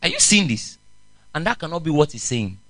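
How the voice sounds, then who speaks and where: A man, a pastor preaching a sermon in an animated way and often asking the congregation questions. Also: a little high, fairly quick, no echo, poor audio.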